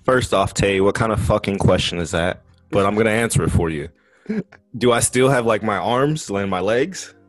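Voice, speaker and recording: A man's voice: fairly low pitch, moderate pace, no echo, soft background music. A man co-hosting a casual podcast, telling stories bluntly with plenty of swearing and laughter. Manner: blunt and profane, laughs through his stories. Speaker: podcast co-host. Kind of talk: casual storytelling chat.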